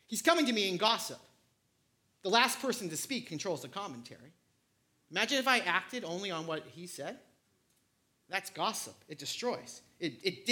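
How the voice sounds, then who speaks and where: Male pastor in his thirties, bright voice, animated storytelling sermon. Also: high voice. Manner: animated, acts out family scenes, repeats words.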